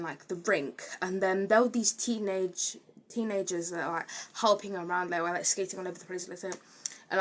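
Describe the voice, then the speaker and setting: A woman's voice: medium pitch, slight background noise. A young woman telling a casual, rambling storytime with lots of filler words. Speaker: vlogger.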